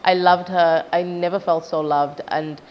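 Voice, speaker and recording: Her voice is on the low side, steady in tone, and measured in pace. This young woman from Zimbabwe, a singer, relates a personal story with energy during a relaxed interview, voicing her parents' quoted words, captured in dull lo-fi audio with a faint hum of background noise.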